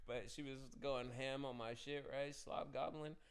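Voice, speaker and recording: A man's voice: medium pitch, fairly even intonation, a little slow, a little hiss or hum. A young man co-hosting a casual podcast, laughing often and swearing loosely while joking with friends. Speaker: podcast co-host. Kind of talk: casual chat.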